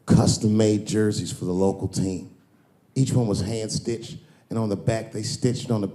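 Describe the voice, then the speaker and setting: A man's voice: lowish voice, steady tone, normal speed, warm tone. A middle-aged man performing a stand-up comedy set, telling profane stories with sudden bursts of emphasis.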